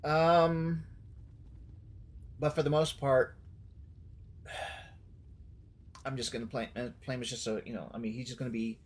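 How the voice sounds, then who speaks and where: A man streaming a game offers casual, rambling commentary, often restarting and correcting himself as he thinks aloud. His voice is slightly husky. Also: medium pitch, level tone, measured pace, long pauses.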